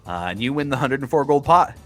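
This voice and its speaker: A man's voice: medium pitch, lively intonation, quick pace, soft background music. A man narrating as game master of a tabletop game, hesitant and full of fillers.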